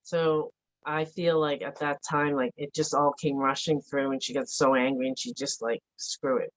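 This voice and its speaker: A middle-aged woman giving a halting, emotional personal account as an interview guest, with many fillers and restarts. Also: sits low, level tone, low-quality recording. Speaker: interview guest, bereaved mother.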